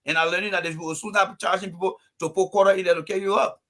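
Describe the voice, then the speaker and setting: A man's voice: sits high, steady tone, quick pace, bright, forceful tone. A man from Liberia speaking on a call-in panel show, making his points emphatically and laying them out in numbered phases. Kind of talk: heated call-in panel talk.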